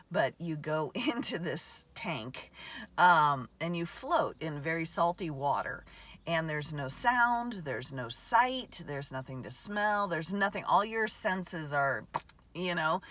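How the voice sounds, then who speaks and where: A woman's voice: on the low side, a bit bright. A woman hosting a podcast, talking through a meandering spiritual reflection outdoors, often restarting sentences and laughing mid-thought. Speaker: podcast host. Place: outdoors in a remote spot.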